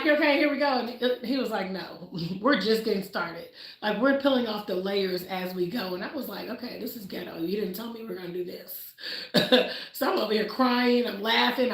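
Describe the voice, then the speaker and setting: Woman, 40s, streaming host; lively storyteller, mid pitch, roomy echo. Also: normal speed. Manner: animated storytelling, acts out quoted voices. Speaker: livestream host. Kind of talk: casual motivational livestream talk. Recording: echoey room.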